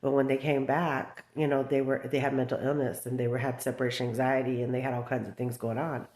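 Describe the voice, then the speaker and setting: A woman's voice: very deep voice, level tone, quick pace, a little mellow. A woman in her thirties ranting in a casual vlog about her children, agitated and rambling with lots of fillers. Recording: roomy echo.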